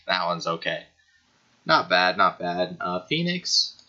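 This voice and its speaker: A man talking casually over gameplay, rambling and laughing at what amuses him. His voice sits low but swings up and down a lot, with a sharp, bright tone. The recording is dull and lo-fi, from a computer microphone. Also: sing-song, slow. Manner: rambling, giggly, easily amused. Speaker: gaming YouTuber. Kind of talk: casual gaming commentary.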